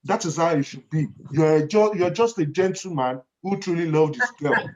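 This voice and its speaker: A man's voice: fairly high pitch, normal speed, darkish tone. A man giving reassuring, emphatic advice in a casual panel chat. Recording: dull lo-fi sound with faint hiss.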